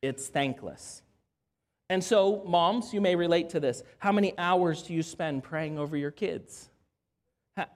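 An earnest pastor in the middle of a sermon. The preacher speaks straight to the congregation as friends, repeating important lines and slowing down to let them land. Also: medium pitch. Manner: earnest, repeats key phrases and slows down for emphasis; addresses the audience as friends.

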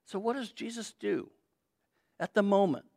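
Middle-aged guy preaching, fairly high voice, gets loud then drops soft. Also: normal speed, creaky. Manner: expository preaching, rising for emphasis, dropping to quiet asides. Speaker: pastor. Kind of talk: sermon.

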